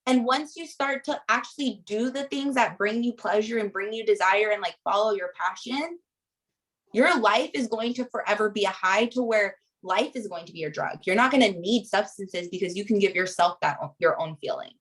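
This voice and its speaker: A woman's voice: mid-range voice, moderate pace, fairly bright tone, rough recording. A woman leading a group coaching session, giving motivational advice in an emphatic way and checking in with "right?" after nearly every point.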